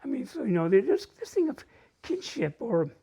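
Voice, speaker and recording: A man with a northern New Mexico accent tells family stories at a live open mic, his voice swinging up and down as he acts out relatives. The tone is mellow and rather husky, and he drops easily into Spanish phrases. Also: very high-pitched, very animated, moderate pace. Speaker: storyteller at a community open mic. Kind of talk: live personal storytelling. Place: library event space, live.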